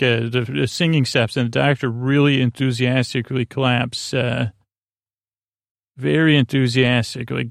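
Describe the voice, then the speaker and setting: A man hosting a bedtime podcast, recapping a TV episode in a halting, low-key way with many pauses and restarts, with a hint of an Upstate New York accent. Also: no room sound, clean studio sound. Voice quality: gravelly, flat delivery. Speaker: podcast host.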